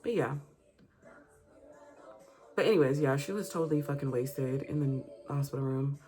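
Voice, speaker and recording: A woman's voice: a bass voice, normal speed, warm tone, faint music behind. A young woman vlogger, telling a story in casual, profane chat and acting out the quotes. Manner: candid and profane, acts out quotes.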